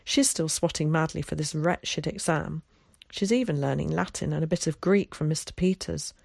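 A woman voicing an excitable, theatrical boy who chatters eagerly. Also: low voice, moderate pace, gravelly, dry recording, clean studio sound. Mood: chatty.

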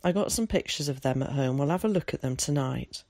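A reader voicing a gruff, kind old countryman who speaks tersely in rural dialect, in an audiobook. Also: medium pitch, a little fast, darkish tone, dry recording, studio quality, close to an everyday voice. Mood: curt. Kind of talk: audiobook character voice.

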